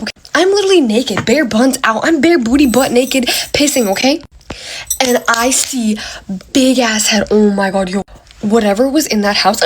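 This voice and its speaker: A woman's voice: a little high, a little fast, background noise. A young woman casually telling a dramatic, slangy ghost story to her phone, gasping and exaggerating as she goes. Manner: animated, dramatic retelling with gasps and slang.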